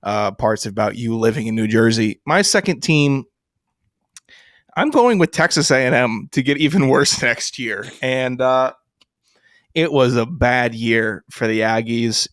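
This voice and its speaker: A man co-hosts a sports podcast, making his points emphatically and stacking repeated phrases into lists. His voice has a middle pitch, and the recording is dry and close. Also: fairly bright tone, no echo. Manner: emphatic, repetitive, builds rhetorical lists. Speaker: podcast co-host. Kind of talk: casual sports chat.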